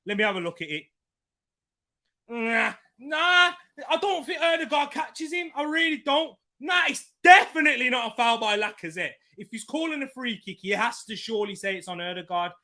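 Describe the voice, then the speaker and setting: Young man, bright forceful voice, live football watchalong host who swings from shouting at the ref to relaxed chat with viewers. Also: very high voice, normal speed. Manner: shouts at referee decisions, then chats calmly with viewers. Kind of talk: live match commentary and chat reading.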